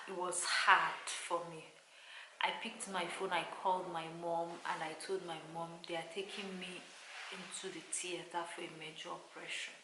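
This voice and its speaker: A young adult woman telling her own hospital story with deep emotion, tearful and often sinking to a whisper. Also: flat delivery, normal speed, roomy sound, background noise.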